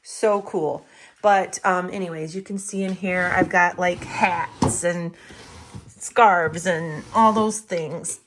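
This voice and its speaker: A woman's voice: fairly low pitch, fairly even intonation, slow pace, slight background noise. A woman in her fifties chatting casually while giving a home tour, enthusiastic about her thrift finds. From United States.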